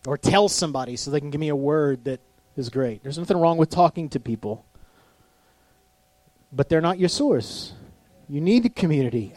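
A man preaching a sermon as a pastor, animated, acting out the voices of people he quotes. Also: on the high side, dry recording.

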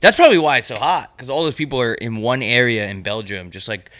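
Young man, podcast co-host, lively pitch swings, bright tone, crude jokes. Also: fast talker. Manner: crude, joking, animated. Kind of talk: casual chat. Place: small hot home studio.

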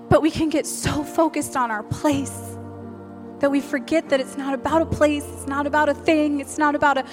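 A woman with a high voice delivers a heartfelt sermon, weaving personal stories into her message. She repeats her key lines for emphasis, and soft music plays quietly behind her. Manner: acts out quoted voices in storytelling. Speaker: preacher and realtor.

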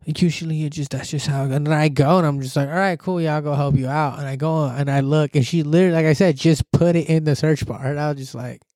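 Fast-talking laid-back young-sounding man. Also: a little high, fairly even intonation, darkish tone, dry recording, clean studio sound. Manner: laid-back, swears a lot, says "dude" and "bro". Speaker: podcast co-host. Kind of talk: casual chat.

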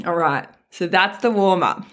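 A woman with a lowish, fairly bright voice hosts a motivational self-help podcast at a moderate pace. She talks frankly and casually, swears a bit, and keeps repeating key phrases for emphasis.

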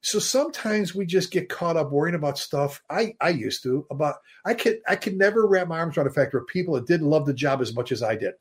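A man, a fire chief guest on a show, telling stories in an animated, casual way with many restarts and repeated words. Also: a little high, fast, hardly any pauses, breathy edge. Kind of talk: casual storytelling.

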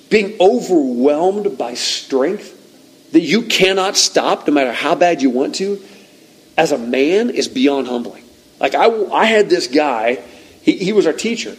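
A man in middle age preaches a sermon, slipping into animated storytelling. His voice sits a little high and swings widely as he acts out the people in his stories. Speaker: pastor.

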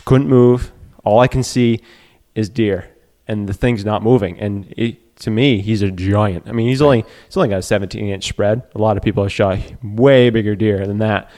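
A man with a fairly low voice tells a story in a loose, casual conversation. He is animated and gets wound up, acting out the scene as he goes. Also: moderate pace, hardly any pauses.

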